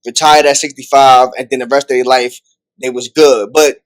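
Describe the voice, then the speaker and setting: A man's voice: mid-range voice, steady tone, normal speed. A man appearing as a podcast guest in casual chat, slangy and stumbling, repeating words as he talks. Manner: slangy, repeats words, calls others son. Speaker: podcast guest, reaction creator.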